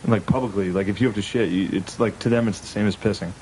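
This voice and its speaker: A man's voice: on the low side, fairly even intonation, quick pace, a little mellow, rough recording. A man co-hosting a podcast in casual chat, blunt and sardonic, swearing freely. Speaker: podcast co-host.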